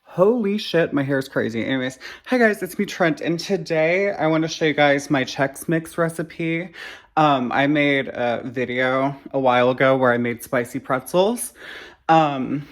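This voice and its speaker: A man's voice: a little high, normal speed. A man hosting a casual home cooking vlog in his kitchen, rambling with lots of fillers, swearing and joking at his own expense. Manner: rambling, self-deprecating, swears freely. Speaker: cooking show host.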